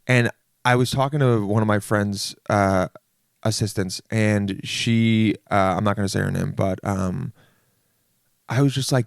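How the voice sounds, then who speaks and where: A man's voice: lowish voice, measured pace, vocal fry, no room sound, studio quality. A young man hosting a podcast, delivering a rambling comedic solo monologue, often interrupting himself and saying "dude.". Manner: rambling, self-interrupting, says "dude" a lot. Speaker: podcast host.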